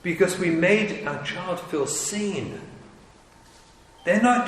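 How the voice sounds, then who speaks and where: Slow-speaking rabbi in an echoey hall. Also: male voice, high-pitched, expressive. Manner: emphatic, wry and teasing. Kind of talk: lecture to parents. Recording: echoey hall with faint noise.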